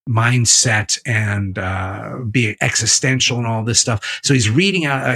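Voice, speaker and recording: Male interview guest, rough fry in the voice, breathy texture, profane storyteller. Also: medium pitch, a bit bright. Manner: profane, emphatic, retelling a book scene by scene. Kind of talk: candid conversational storytelling.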